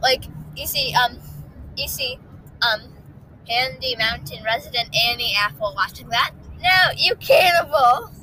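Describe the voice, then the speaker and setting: A groggy woman co-hosting a casual family podcast with her son, animated and giggly with lots of ums. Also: on the high side, a little slow, a little hiss or hum, poor audio. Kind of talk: casual family chat and storytelling.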